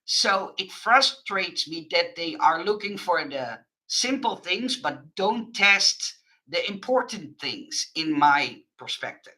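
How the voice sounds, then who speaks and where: A woman's voice: on the low side, very animated, slow pace, pushed and bright, poor audio. A woman craft vlogger chatting frankly to her viewers in English, laughing often. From Netherlands. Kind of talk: casual chat to viewers.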